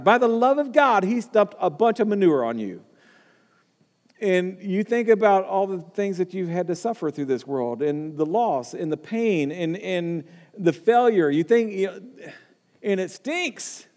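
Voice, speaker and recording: Pastor guy preaching, pretty high voice, keeps repeating himself for emphasis, long church echo. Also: darkish tone. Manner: emphatic, repeats words, rises in pitch for emphasis. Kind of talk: sermon.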